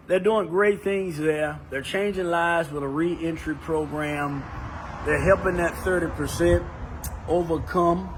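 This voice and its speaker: A man's voice: fairly high pitch, a bit bright, slight background noise. Emphatic man telling a story. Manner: repetitive preacher-like cadence. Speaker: motivational speaker. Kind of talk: storytelling talk.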